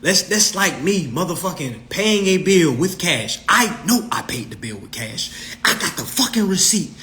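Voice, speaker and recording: Loud, lively, profane man ranting. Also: high-pitched, normal speed. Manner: profane, mocking, animated. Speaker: consumer law coach. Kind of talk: ranting monologue to followers.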